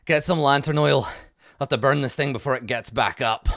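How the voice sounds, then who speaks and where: A man voicing a gruff, unflappable male warrior innkeeper who talks in curt, growling one-liners, in a tabletop game. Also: medium pitch, fairly quick, a bit bright, no echo, clean studio sound.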